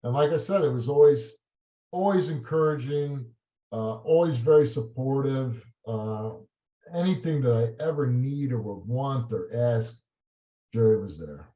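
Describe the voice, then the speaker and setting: A man in an interview, telling stories and reminiscing in a halting way, with many fillers and restarts. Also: medium pitch, animated. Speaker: talk show host as guest. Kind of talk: reflective interview answers. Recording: roomy and slightly dull sound.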